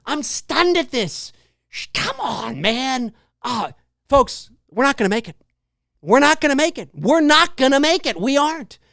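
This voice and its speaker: Man, ranting host, exasperated, swears, repeats questions, lively pitch, dry sound. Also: a little slow, creaky, dry recording. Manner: exasperated, keeps repeating rhetorical questions, swears, bursts into shouting. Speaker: host of a live movie talk show. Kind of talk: ranting solo commentary.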